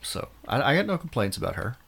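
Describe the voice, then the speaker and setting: A man's voice: mid-range voice, big pitch swings, fast talker, vocal fry, fairly bright tone, husky. An American man co-hosting a podcast, chatting casually and bluntly about films and swearing freely. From United States. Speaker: podcast co-host. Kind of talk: casual film chat.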